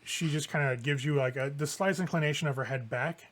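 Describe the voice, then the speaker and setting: Narrating a tabletop session as the game master, this man talks fast in a high-leaning voice, staying descriptive and loose and dropping in fillers such as "kinda."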